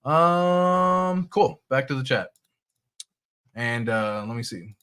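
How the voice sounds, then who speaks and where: A man's voice: mid-range voice, animated, slow pace, a bit bright, clean tone. Casual man hosting a crypto stream. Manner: loose and conversational, swears, reads viewer chat. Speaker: crypto livestream host. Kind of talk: casual livestream chat and chart walkthrough.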